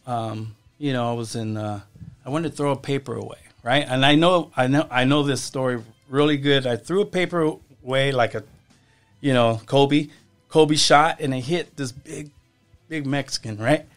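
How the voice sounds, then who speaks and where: A man as a podcast guest, telling stories from his past in a casual, halting way, often restarting his sentences. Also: mid-range voice, faint music behind. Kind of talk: casual storytelling.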